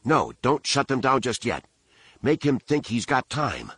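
A man voicing a sharp, scheming male commander who gives terse orders. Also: medium pitch, big pitch swings, unhurried, husky, no room sound, pitched above the performer's own voice, heavily acted.

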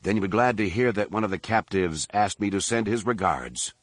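A man's voice: lowish voice, fairly quick, dry recording, lightly acted. A man doing a cool, self-assured young Jedi. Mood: confident. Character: bold young male Jedi, confident.

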